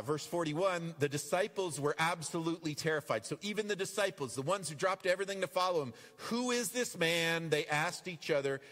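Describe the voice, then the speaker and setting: A man preaching a sermon as pastor, animated and acting out the voices in the passages he reads. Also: fairly high pitch, long reverb tail. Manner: animated, acts out quoted voices. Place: church.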